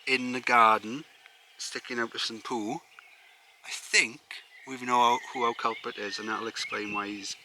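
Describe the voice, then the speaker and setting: Bright-voiced chatty man vlogging outdoors. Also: mid-range voice, fairly even intonation, measured pace, a little hiss or hum. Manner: chatty and rambling, with many fillers. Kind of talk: casual camping vlog to camera. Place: outdoors at a rural campsite.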